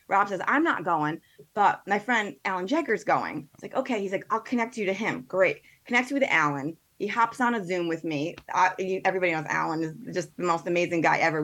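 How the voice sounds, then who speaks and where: A woman, a podcast guest, chatting casually and telling a story with quick asides and quoted thoughts. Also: mid-range voice, a bit bright. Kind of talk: casual chat.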